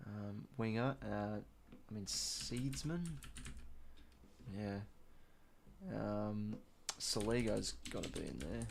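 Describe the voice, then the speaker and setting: A man's voice: lowish voice, takes it slowly, vocal fry, pauses often, slight background noise. A young Australian man hosting a live stream, chatting casually with viewers and muttering to himself while working through a quiz.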